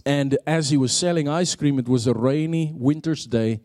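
A middle-aged man from South Africa preaching a sermon, telling a story and building to excited peaks before dropping into a hushed prayer. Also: a little high, normal speed, no room sound, studio quality.

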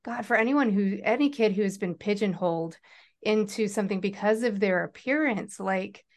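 A woman's voice: mid-range voice, moderate pace. A woman with a mid-range voice co-hosts a casual podcast. She speaks with feeling but hesitates often, searching for her words as she goes. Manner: emotional and hesitant. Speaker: podcast co-host. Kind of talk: casual chat.

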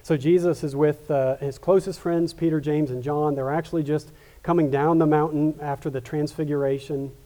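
A male pastor delivers a sermon in an earnest, conversational way, often doubling back on his words. His voice sits a little high for a man. It has a warm, mellow tone. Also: fairly even intonation, normal speed. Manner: earnest, with frequent restarts and repetitions.

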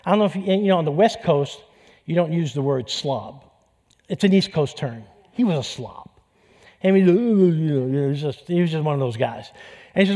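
A man's voice: on the high side, expressive, normal speed, warm tone. A man preaching a sermon, telling personal stories in a conversational way. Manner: conversational, storytelling with restarts. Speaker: pastor.

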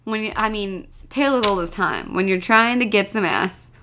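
A woman's voice: medium pitch, normal speed, bright, forceful tone, a little hiss or hum. Blunt, sarcastic woman podcast co-host. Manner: blunt, sarcastic, swears freely. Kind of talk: casual movie recap chat.

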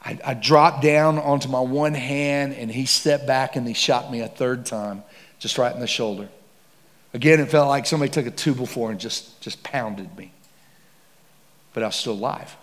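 A man preaching with dramatic storytelling, swinging from hushed to loud and excited. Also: medium pitch, moderate pace. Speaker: pastor. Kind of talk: sermon storytelling. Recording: long hall reverb.

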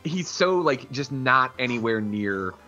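Animated, rambling guy with a bright voice. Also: mid-range voice, unhurried, muffled recording, soft background music. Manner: rambling, animated, does goofy character voices. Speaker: podcast co-host. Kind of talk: casual chat.

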